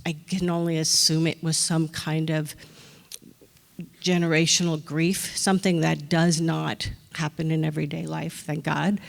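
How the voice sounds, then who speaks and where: Woman, gravelly voice, lively storyteller who acts out quotes, long hall reverb; good for panel talk. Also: low-pitched. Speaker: actor on a film panel. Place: large hall on stage.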